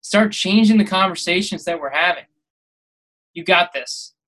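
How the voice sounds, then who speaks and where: A man's voice: sits high, normal speed, fairly bright tone, rough recording. A man hosting a podcast, delivering a preachy motivational monologue that builds to emphatic, exhorting peaks. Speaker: podcast host.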